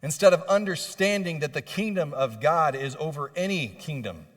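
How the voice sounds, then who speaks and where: A man's voice: on the high side, animated, normal speed, fairly bright tone. A man preaching a sermon as pastor, passionately voicing pleading questions and building in intensity. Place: church sanctuary. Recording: long reverb of a church hall.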